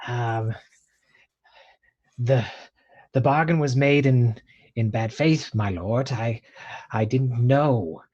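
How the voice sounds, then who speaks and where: Cowardly creature for a tabletop game, voiced by a man, stammering, husky, on muffled audio. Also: medium pitch, takes it slowly, long pauses, a little mellow. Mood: frightened pleading. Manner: stammering, fearful, pleading. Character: cowardly male creature tormented by bloodlust. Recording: dull lo-fi audio.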